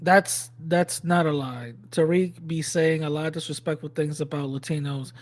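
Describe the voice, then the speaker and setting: A man's voice: on the high side, steady tone, normal speed, dry recording. A man giving casual, slangy commentary on a clip he is playing, bluntly calling out claims point by point. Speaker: reaction commentator.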